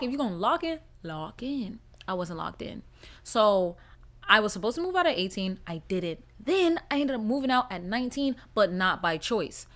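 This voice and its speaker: A woman hosts a casual story-time podcast. Her voice sits a little high, and she tells the story bluntly and profanely. Now and then she jumps into loud, animated outbursts. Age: 20s. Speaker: podcast host.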